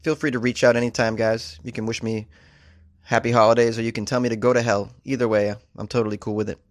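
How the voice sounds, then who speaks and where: A man's voice: medium pitch, level tone, fast talker, no echo. Chatty, jokey male podcast host. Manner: chatty, jokey, self-deprecating. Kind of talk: casual podcast chat.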